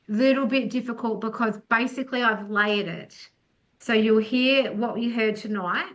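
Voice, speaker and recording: A woman's voice: mid-range voice, fairly bright tone, low-quality recording. A young woman leading a breathwork session on a video call, earnest and affirming, voice a little worn from losing it. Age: young adult. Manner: earnest, affirming, many restarts. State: losing her voice. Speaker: breathwork facilitator. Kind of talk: online group session talk.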